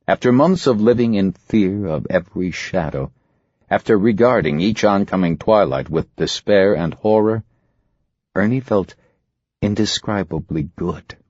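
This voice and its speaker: A man narrating an audiobook in a dramatic, expressive reading style. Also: deep voice, unhurried, dry recording. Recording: muffled lo-fi recording.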